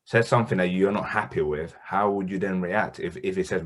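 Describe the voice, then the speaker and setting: A man's voice: sits low, fairly even intonation, a little fast. A man hosting a podcast, asking long, winding questions in a casual interview. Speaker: podcast host.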